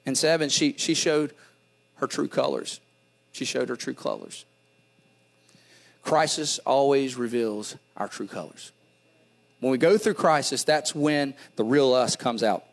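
A middle-aged man pastor preaching a sermon, animated, often repeating and restarting words, with dad jokes. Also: medium pitch, measured pace, gravelly, pauses often.

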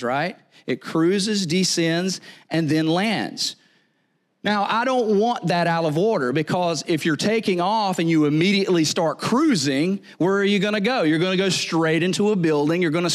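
A male pastor with a fairly high-pitched voice delivers a sermon in a loose, conversational way. He jokes with the congregation, stumbles over repeated words and keeps checking in with "right?" and "you know?".

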